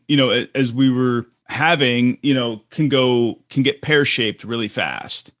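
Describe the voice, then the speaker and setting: A man's voice: mid-range voice, normal speed, hardly any pauses, a bit bright. A man with a mid-range voice chats casually as a podcast co-host. He often stops and restarts his phrases. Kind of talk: casual chat.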